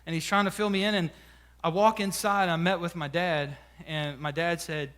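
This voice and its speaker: A man's voice: fairly high pitch, fairly even intonation, moderate pace, a bit bright, clear, resonant tone. A man, a pastor preaching a sermon and telling a personal story with emotion and frequent restarts. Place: church sanctuary.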